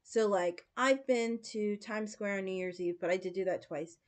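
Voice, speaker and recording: This woman, in her late forties and from the US, talks to her livestream viewers at a normal pace in a medium-pitched voice. Her chatty stories come with regular laughter and lots of fillers.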